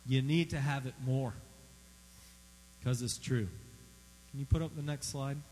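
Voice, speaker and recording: A man preaching a sermon, emphatic and animated, asking his audience questions. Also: mid-range voice, a little slow, in a large hall, slight background noise, rough recording. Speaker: pastor.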